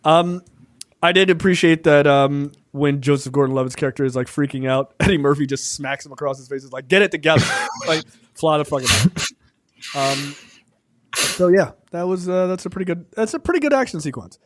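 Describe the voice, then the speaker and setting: A man talks through a film review in a loose, chatty way, full of fillers and quick acted-out quotes. His voice sits a little high. The recording is dry and close, with no room sound. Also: no echo. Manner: relaxed, many fillers, acts out scenes in quoted voices. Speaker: podcast co-host. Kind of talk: casual film review chat.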